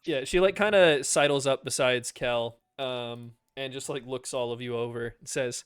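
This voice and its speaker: A man's voice: medium pitch, normal speed, few pauses, clear, resonant tone, no room sound, clean studio sound. A man narrating a tabletop game as game master, casual and laughing, with lots of fillers.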